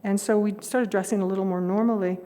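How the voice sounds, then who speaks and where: An older woman, a lay speaker, tells stories at a worship service in a warm, mid-range voice that stays steady in tone but moves at a quick pace. She chats along with easy humor and laughs often. The worship hall gives the recording an echoey reverb.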